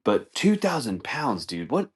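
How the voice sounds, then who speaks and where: A man's voice: medium pitch, big pitch swings, unhurried, husky. A man hosting a podcast, rambling through a profane comedic monologue, laughing often and acting out scenes. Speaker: podcast host.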